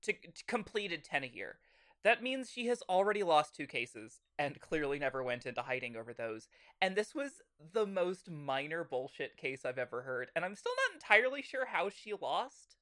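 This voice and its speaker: A young adult woman co-hosting a comedic podcast, ranting in an animated, incredulous way. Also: low-pitched, normal speed. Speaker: podcast co-host. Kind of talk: comedic book-reading podcast.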